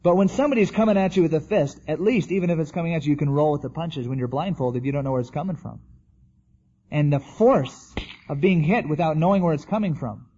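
Preacher with a husky, mellow voice. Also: male voice, on the high side, fast, dull audio. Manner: conversational preaching, acts out quotes. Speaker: pastor. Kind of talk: sermon.

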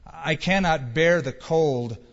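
A man voicing a timid, tender cave woman who speaks softly and with wonder, in a reverberant hall. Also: on the high side, slow, creaky, heavily acted. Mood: sorrowful. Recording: reverberant hall, dull sound.

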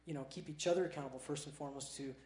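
A man's voice: a little high, fairly even intonation, very fast, darkish tone, echoey room. A man from Southern California, a touring Christian musician, answering questions on stage in an eager, laid-back way. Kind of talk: casual on-stage interview.

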